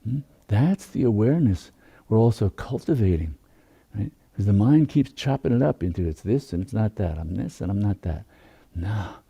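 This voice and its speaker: A man giving a slow, soft-spoken spiritual talk as a meditation teacher, with unhurried, drawn-out phrasing. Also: lowish voice, expressive, gravelly, breathy edge, highs cut off.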